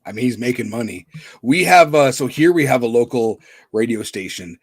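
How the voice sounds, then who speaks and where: A man's voice: mid-range voice, expressive, normal speed, slightly rough, dry recording, clean studio sound. Rambling male podcast co-host. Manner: rambling, filler-heavy storytelling. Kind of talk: casual chat.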